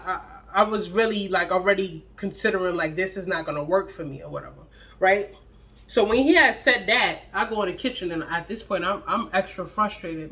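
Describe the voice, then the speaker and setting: A young adult woman telling a blunt, profane storytime about a relationship, with animated, acted-out quotes. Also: lowish voice. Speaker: storytime vlogger. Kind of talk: casual storytime monologue.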